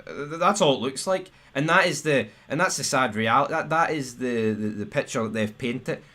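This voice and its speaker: Here a young Scottish man streaming as a football fan launches into an angry rant, cursing, tripping over false starts, and jumping up sharply in pitch when riled. His medium-pitched delivery is expressive, brisk, bright and forceful.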